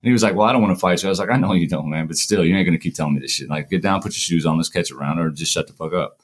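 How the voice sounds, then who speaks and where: A man's voice: low voice, rapid-fire. A man, likely in his forties, casually telling prison stories, acting out the dialogue and swearing freely. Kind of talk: casual storytelling.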